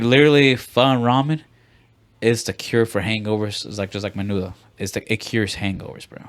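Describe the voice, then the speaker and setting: A man's voice: lowish voice, flat delivery, fairly quick. A man co-hosting a podcast, telling long rambling stories in casual, profane chat. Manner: profane, rambling storytelling with many fillers. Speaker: podcast co-host.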